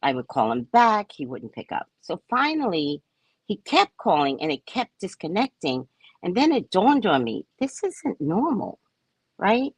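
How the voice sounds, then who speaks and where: A woman with a husky voice, close to the mic in a dry space, tells a personal story in casual talk. Her pitch swings widely as she acts out each side of the dialogue. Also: moderate pace, dry recording. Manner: animated, acts out both sides of dialogue. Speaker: podcast host.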